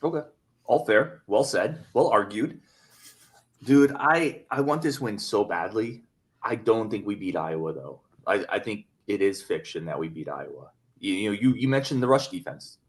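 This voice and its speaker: Guy hosting a sports podcast, kinda low voice, calmly weighing both sides. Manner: analytical, measured, weighing arguments. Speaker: podcast host.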